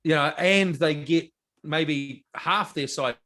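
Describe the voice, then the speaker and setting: A man's voice: on the high side, slow, sharp tone. A man co-hosting a sports podcast, talking bluntly in casual chat, swearing and laughing easily. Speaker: podcast co-host.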